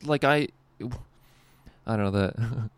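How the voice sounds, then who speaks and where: A man's voice: lowish voice, slow, smooth, no echo. A man telling a rambling, profane work story casually, with a lot of laughing.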